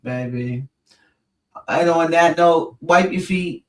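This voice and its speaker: A hoarse woman co-hosting a podcast, cutting in with blunt, affirming remarks. She sounds far from the mic in an echoey space, with crowd noise behind her. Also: low-pitched, slow pace. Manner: short affirming interjections, blunt. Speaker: podcast co-host. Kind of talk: casual chat.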